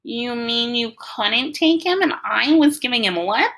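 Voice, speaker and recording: A woman voicing an excitable, brainy young boy who shouts in a high voice. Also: unhurried, heavily acted. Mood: gleeful.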